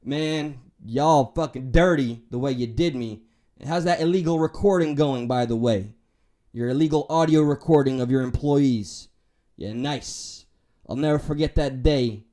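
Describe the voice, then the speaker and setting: A man's voice: medium pitch, unhurried, mellow. A man with a New York accent hosting a livestream, reading chat and talking candidly, swearing and joking as he rambles.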